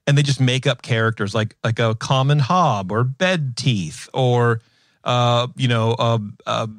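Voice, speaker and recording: A man's voice: medium pitch, measured pace, no room sound, studio quality. A man in his thirties hosting a podcast, chatting casually and telling stories with lots of fillers and restarts. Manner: rambling, animated storytelling with many fillers. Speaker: podcast host. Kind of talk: casual chat.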